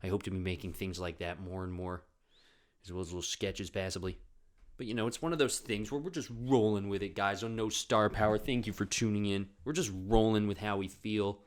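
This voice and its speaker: A man hosting his podcast, telling comedic stories casually, animated, often swearing. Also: fairly low pitch, fairly quick. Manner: animated, swearing, acts out voices in quotes. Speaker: podcast host.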